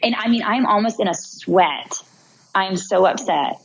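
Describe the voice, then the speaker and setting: A woman's voice: mid-range voice, moderate pace, creaky, rough recording. A young woman, a podcast guest, telling a personal story vividly and acting out her own thoughts. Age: young adult. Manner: vivid narration, acts out her own inner voice.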